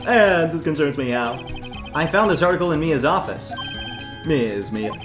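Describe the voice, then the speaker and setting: An earnest young defense lawyer, voiced by a man during a game playthrough, direct and pressing, with a lively, rising and falling delivery. The voice has a roomy echo, with game music playing underneath. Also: a little high, moderate pace, natural voice. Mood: accusing. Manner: earnest, accusing. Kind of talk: fan voicing of a game playthrough.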